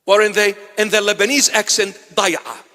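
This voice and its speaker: A bishop whose first language is Assyrian preaches in a high, carrying voice. He is animated and teases his listeners in quick asides. His sermon rings with the long echo of a church hall. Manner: animated, teasing asides to the congregation.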